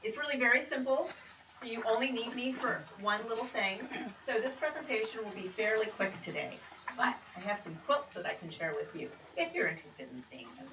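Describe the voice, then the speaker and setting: A quilt pattern designer gives a quilting demonstration in a creative center studio, her voice fairly high, animated, and a little quick. She keeps it casual and chatty, dropping upbeat asides. The recording sounds roomy and distant, with noisy room sound.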